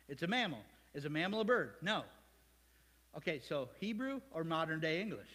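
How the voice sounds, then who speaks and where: A man's voice: a little high, very animated, moderate pace, fairly bright tone, in a large hall. A man preaching a sermon as pastor, conversational and joking, firing rhetorical questions at the congregation. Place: church sanctuary.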